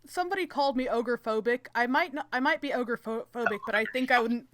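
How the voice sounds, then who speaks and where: A woman's voice: a little high, fast talker, fairly bright tone. A young woman in casual chat, telling anecdotes and laughing often. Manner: chatty, storytelling, laughs often.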